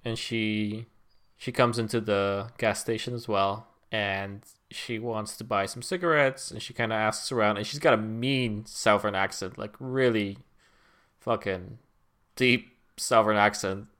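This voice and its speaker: A man with a low voice chats casually about a movie he watched. He rambles and restarts his sentences as he goes, sounding relaxed and unscripted. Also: measured pace. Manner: rambling, hesitant, many restarts. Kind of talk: casual film review chat.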